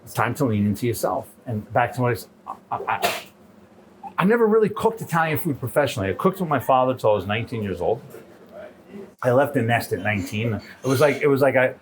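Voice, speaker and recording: Middle-aged New man, a chef guest who keeps asking "right?", storytelling style, mid pitch, faint noise behind. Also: fast. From New York. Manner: animated, profane, repeats "right?". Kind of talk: casual storytelling interview.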